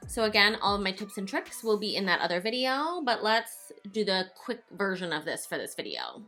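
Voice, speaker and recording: Bright, playful woman vlogger. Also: mid-range voice, sing-song, fairly quick, faint music behind. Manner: playful, jokey, slips into silly voices. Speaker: makeup vlogger. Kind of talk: casual makeup tutorial.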